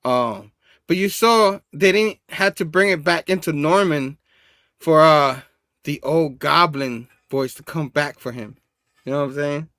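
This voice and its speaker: A man co-hosting a comic review show, relaxed and chuckling, with many fillers, over a video call. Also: a little high, unhurried, no room sound, clean studio sound. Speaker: comic book show co-host. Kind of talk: casual review chat.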